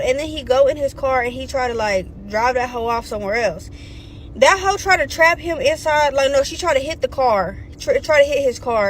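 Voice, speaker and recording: A young woman spills a storytime rant, blunt and full of profanity. She keeps it lively and mimics everyone she quotes. A faint background noise sits under her voice. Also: sits high. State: pregnant. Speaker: storytime vlogger.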